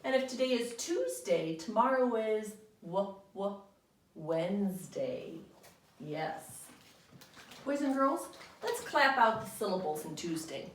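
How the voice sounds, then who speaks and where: A woman's voice: mid-range voice, animated, takes it slowly, distant mic. A woman teaching young children a remote lesson on the calendar and rebus words, in a patient, sing-song teacher voice with call-and-response. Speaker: kindergarten teacher. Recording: roomy home recording, voice somewhat off-mic.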